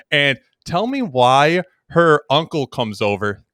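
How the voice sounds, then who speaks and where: Animated young man, bright voice. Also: mid-range voice, normal speed, hardly any pauses, dry recording, studio quality. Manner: animated storytelling, laughing. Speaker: podcast co-host. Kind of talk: casual chat.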